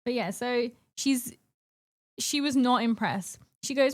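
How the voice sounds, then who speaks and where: A young woman with a high voice streams from her home desk mic, chatting and giggling with viewers. She greets people by name and slips into soft baby talk for her cat. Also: slow. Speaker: live streamer. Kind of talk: casual chat with stream viewers.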